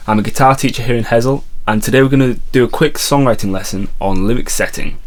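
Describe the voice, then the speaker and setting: A man's voice: medium pitch, fast. A man teaching a songwriting lesson as a guitar teacher, explaining patiently and sometimes restarting his phrases. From England.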